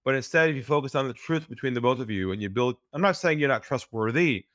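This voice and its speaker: A man's voice: animated, fast, fairly bright tone, dry recording. Male podcast guest, sales trainer; earnest storyteller, dry booth sound. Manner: earnest, drops his voice low for stories.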